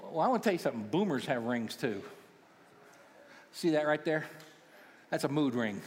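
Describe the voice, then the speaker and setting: Joking sixty-something pastor in a reverberant church. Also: male voice, fairly high pitch, sing-song, normal speed, slight background noise. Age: 60s. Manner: humorous, self-deprecating storytelling to a congregation. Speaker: pastoral care minister. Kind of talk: sermon. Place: large church auditorium. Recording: long church hall reverb.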